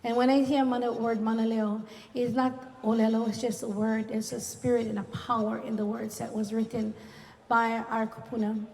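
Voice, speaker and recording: A woman with a Hawaiian Pidgin lilt talks story about her ancestors, earnest and heartfelt. Her voice sits slightly high. It echoes with a long, reverberant tail. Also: flat delivery, moderate pace, slight background noise. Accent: Hawaiian Pidgin-inflected English. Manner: earnest, warm-hearted, sprinkles Hawaiian words. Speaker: cultural storyteller. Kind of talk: heartfelt talk story at a community gathering. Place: community reunion event.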